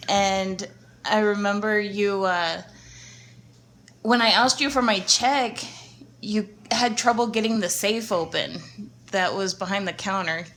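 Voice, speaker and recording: A woman's voice: medium pitch, fairly even intonation, a little slow, a bit bright. A woman co-hosting a podcast, recalling memories in casual, teasing chat. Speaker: podcast co-host.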